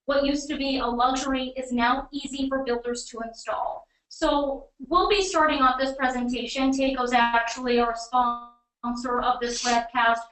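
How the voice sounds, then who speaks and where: A high-voiced woman with a New England accent hosts a webcast in an upbeat, conversational manner. Her voice echoes around the room, picked up from a distance. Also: fairly even intonation, moderate pace, fairly bright tone. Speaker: webcast host and editor. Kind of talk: hosting a webcast. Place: office or studio room beside a colleague.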